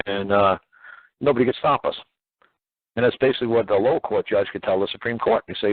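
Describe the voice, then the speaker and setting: A man talks at a quick clip on a radio show, slipping into mocking voices and casual swearing. His voice is husky. The sound is thin and phone-like, like call-in radio. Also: fairly low pitch, no room sound. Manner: animated storytelling, mocking voices, swearing, laughs often. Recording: tinny phone-like radio audio.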